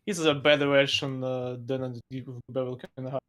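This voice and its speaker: A man speaks English at a medium pitch. His sentences come out in halting pieces, full of pauses and loose grammar. He sounds like a casual guest on a chat show. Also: little pitch movement, a bit bright. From Russia. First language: Russian. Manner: halting, broken phrasing with frequent pauses. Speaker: podcast guest.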